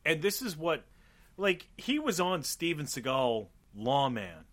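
Animated swearing man, raised voice. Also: a little high, a little slow. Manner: animated, swears a lot, acts out mocking quotes. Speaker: podcast co-host. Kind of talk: casual profane movie-riffing chat.

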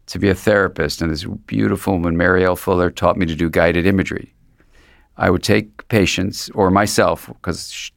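Man, low voice, gravelly, dry close sound, reflective interview guest. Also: no room sound. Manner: thoughtful, meandering, with frequent restarts. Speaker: psychiatrist and guest.

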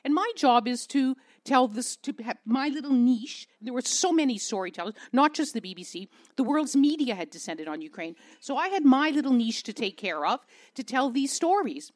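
A Canadian woman journalist telling stories on a panel, expressive, repeating words for emphasis. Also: high-pitched, moderate pace, few pauses. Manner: expressive, repeats words, acts out quoted voices. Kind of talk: animated storytelling on a panel.

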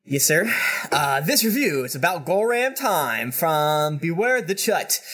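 High-voiced man reading listener reviews. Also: big pitch swings, measured pace, a bit bright, slightly rough. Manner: playful, jokey asides between readings. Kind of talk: casual podcast chat, reading reviews aloud.

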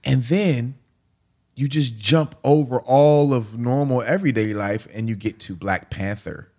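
An American man chatting casually, telling stories in an animated, slangy, emphatic way. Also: medium pitch, measured pace. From United States. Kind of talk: casual chat.

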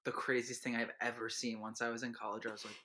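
A young woman chatting as a podcast guest, telling stories in an animated, self-mocking way. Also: rumbling low, quick pace. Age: young adult. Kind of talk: casual chat.

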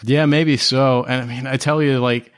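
A man's voice: mid-range voice, steady tone, moderate pace. A man hosting a tabletop game podcast as dungeon master, chatting casually and chuckling between his remarks.

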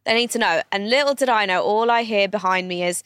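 Young female podcast co-host, animated storyteller, dry close mic. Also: mid-range voice, quick pace, clean tone, dry recording. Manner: animated, acts out voices in anecdotes. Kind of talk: casual storytelling chat.

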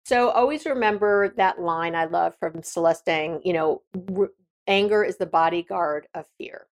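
A woman's voice: on the low side, moderate pace. A woman hosting an advice podcast, talking frankly and directly in a casual monologue with frequent restarts. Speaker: podcast host.

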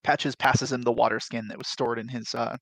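A man in a tabletop game session, calmly narrating his character's moves in a relaxed, unhurried way. His voice is dry and close to the mic. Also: medium pitch, creaky, no room sound. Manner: laid-back, describes his character's actions. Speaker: player.

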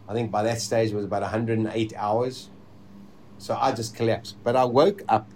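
A man telling a dramatic survival story in a vivid, animated way, with dark humor and chuckles, acting out his own inner voice. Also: mid-range voice.

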